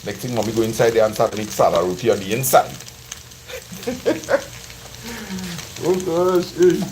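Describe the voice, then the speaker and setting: Over a frying sizzle and background noise, this Trinidadian cooking streamer talks fast and very animatedly, teasing the people watching live. His pitch sits fairly low.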